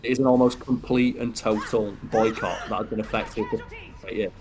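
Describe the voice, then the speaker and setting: A man's voice: lowish voice, fairly even intonation, brisk, noisy background. A young British man whose speech slips into a Scottish lilt, co-hosting a game stream and rambling through stories in casual chat. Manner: chatty, rambling storyteller. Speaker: stream co-host. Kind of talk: casual chat over gameplay.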